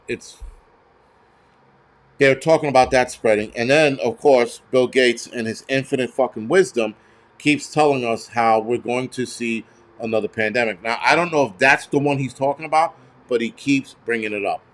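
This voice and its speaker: A man's voice: mid-range voice, normal speed, fairly bright tone. A man hosting a show, ranting heatedly with lots of swearing and stumbling restarts. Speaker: host. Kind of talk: profane ranting commentary.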